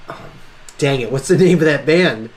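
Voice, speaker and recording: Playful, lively-voiced man in his fifties. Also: on the high side, moderate pace, a little hiss or hum. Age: 50s. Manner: playful, joking, laughs often. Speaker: co-host. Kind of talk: casual chat.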